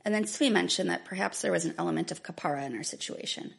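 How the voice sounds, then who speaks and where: A woman's voice: lowish voice, quick pace, vocal fry. A woman in her thirties telling her own story earnestly and reading aloud from a book she wrote. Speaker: author sharing her story. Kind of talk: personal testimony with a book reading.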